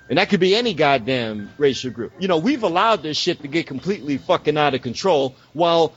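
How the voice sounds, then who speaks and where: A man's voice: on the high side, lively intonation, brisk, few pauses, breathy edge, highs cut off, faint music behind. A man ranting passionately about politics, swearing constantly and raising his voice as he argues. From United States. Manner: profane, impassioned, ranting. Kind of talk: heated political rant.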